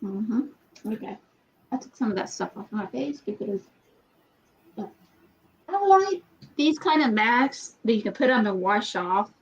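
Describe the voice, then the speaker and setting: A woman's voice: on the high side, big pitch swings, slightly rough. A woman chatting casually, rambling and correcting herself as she talks. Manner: rambling, halting, self-correcting. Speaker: livestream participant. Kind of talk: casual chat. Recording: dull lo-fi audio.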